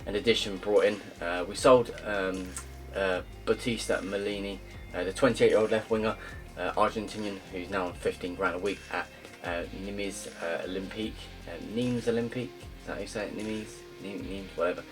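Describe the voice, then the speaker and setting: Young guy, low pitch, chatty and rambling over his game, soft guitar music under him. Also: fairly even intonation, a little fast, hardly any pauses. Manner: rambling, many ums and uhs, loud upbeat greetings. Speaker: gaming YouTuber. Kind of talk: casual gameplay commentary. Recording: faint guitar music behind.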